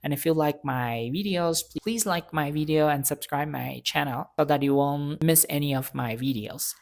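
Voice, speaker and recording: A man teaching a language grammar lesson, repeating each example phrase slowly and then explaining it plainly. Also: on the high side, vocal fry, darkish tone. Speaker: Chinese teacher. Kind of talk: slow, deliberate grammar lesson.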